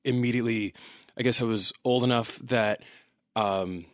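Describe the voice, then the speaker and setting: A man's voice: medium pitch, fairly even intonation, normal speed, no room sound, studio quality. A man joining a podcast as a guest, speaking candidly in a rambling way and swearing casually. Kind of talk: casual chat.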